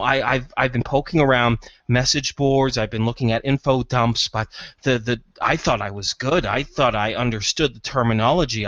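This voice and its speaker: An excitable hacker tumbles over his own words, stammering as each idea outruns the last, voiced by a man. His pitch leaps up and down with eager energy. The sound is dry and close. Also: no room sound. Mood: excited. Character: excitable male hacker, rambling and nervous.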